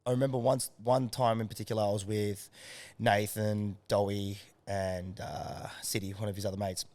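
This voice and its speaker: Animated Australian man telling stories. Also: on the low side, normal speed. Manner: animated storyteller, swears freely. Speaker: strength and conditioning coach, guest. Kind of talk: casual podcast chat.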